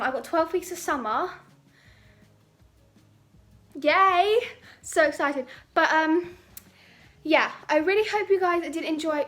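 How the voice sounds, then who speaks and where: This English teenage girl's voice is high and a bit bright as she talks casually to her vlog camera. She's chatty and rambling, fills her speech with "like," and sounds breathless.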